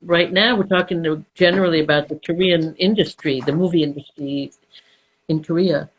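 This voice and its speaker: A woman's voice: sits low, fairly even intonation, normal speed, lo-fi sound, slight background noise. A woman hosting an online live chat, prompting her guest with curious questions over a video call. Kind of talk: interview hosting.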